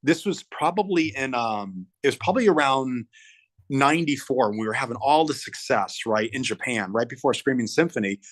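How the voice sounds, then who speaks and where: Middle-aged male guest musician, casual chat, excitable, trips over his words, mid-range pitch. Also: normal speed. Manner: animated, stumbles and repeats words.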